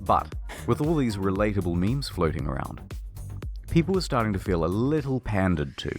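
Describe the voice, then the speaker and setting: A man's voice: lowish voice, very animated, moderate pace, soft background music. A man giving a scripted, comedic narration with a dry, sarcastic delivery. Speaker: video essay narrator.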